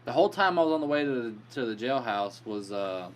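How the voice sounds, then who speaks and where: A man's voice: mid-range voice, expressive, quick pace. A man telling a profane jail story in casual podcast chat. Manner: laid-back, profane storytelling.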